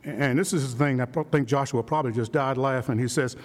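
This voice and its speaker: A man preaching a sermon with animated delivery and frequent rhetorical questions, dropping low and slow when he quotes. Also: in a large hall. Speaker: pastor.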